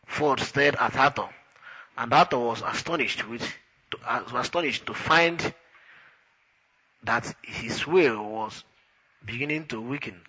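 A man reading a novel aloud in a dry, unhurried storytelling manner. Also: mid-range voice, pushed and bright, slightly rough, muffled recording. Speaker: narrator. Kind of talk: audiobook narration.

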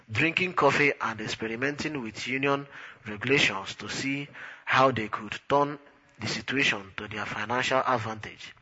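A man reading a novel aloud in a dry, unhurried storytelling manner. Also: medium pitch, sharp tone, husky, lo-fi sound. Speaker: narrator. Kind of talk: audiobook narration.

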